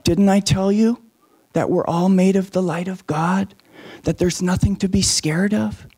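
A man voicing a gentle, comforting teacher. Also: sits high, steady tone, measured pace, slightly rough, voice pushed up, exaggerated voice. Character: gentle, reassuring male teacher risen from death.

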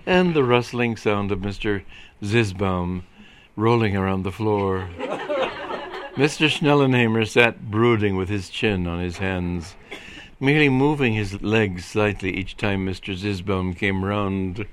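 A man reading a comic story aloud in a dry, measured way. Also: lowish voice, slight background noise. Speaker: reader.

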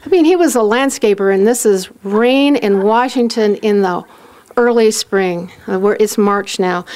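A woman with a fairly high voice tells her own story. She acts out the people in it, and laughter slips into her words again and again. Her delivery stays lively and personal. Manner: animated, acts out quoted voices; often laughs while talking.

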